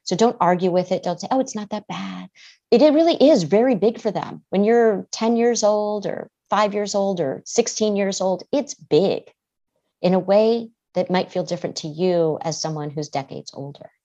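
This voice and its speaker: A woman therapist guest on a podcast, giving measured, reflective advice and sometimes restarting her words. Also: medium pitch, dark tone, lo-fi sound. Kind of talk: advice-giving interview answers.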